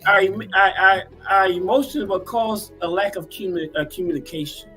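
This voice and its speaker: A man's voice: high-pitched, moderate pace, bright, forceful tone, faint music behind, low-quality recording. A man, a pastor, making earnest, preachy points on a talk show and repeating them. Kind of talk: casual panel discussion.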